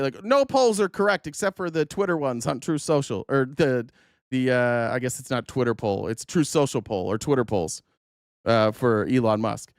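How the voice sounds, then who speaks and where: Openly angry, a man streams political commentary on YouTube, sarcastic and heated as he rambles, swears, and argues with his chat in a casual live-stream. His voice is medium-pitched, with studio-quality sound and no echo.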